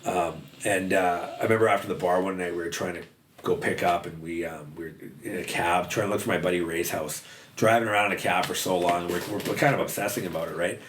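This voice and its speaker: A man's voice: low-pitched, fairly even intonation, brisk, a bit bright, slight background noise. A man telling his story as a podcast guest, blunt and swearing freely, with lots of fillers. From western Canada. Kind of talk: casual storytelling interview.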